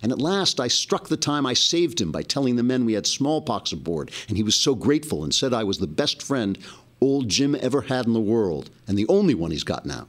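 A man's voice: medium pitch, big pitch swings, brisk, pitched above the performer's own voice. A man reading as Huckleberry Finn. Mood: earnest. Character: Huckleberry Finn, young runaway boy torn by conscience. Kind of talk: reading a novel passage aloud.

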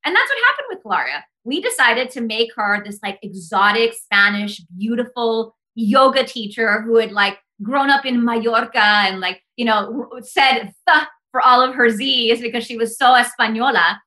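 Bright, impassioned young woman on a podcast. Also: fairly high pitch, animated, normal speed, hardly any pauses. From United States. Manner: impassioned, earnest, heavy use of "like". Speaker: podcast guest. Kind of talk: casual podcast conversation.

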